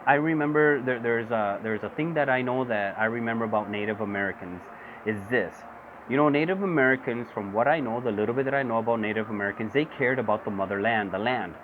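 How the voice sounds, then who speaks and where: Impassioned man on a tinny phone recording. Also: medium pitch. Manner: impassioned, repetitive, switches between English and Spanish. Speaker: vlogger. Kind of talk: political monologue. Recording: tinny phone-quality audio with buzzing insect noise.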